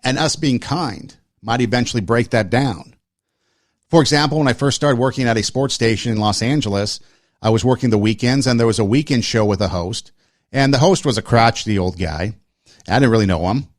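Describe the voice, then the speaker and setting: A podcast host, male and medium-pitched, talks a little fast as he shares a personal story in an informal, sincere way. His delivery comes in short, list-like phrases, with repetition used for emphasis. The studio sound is clean, with no room sound.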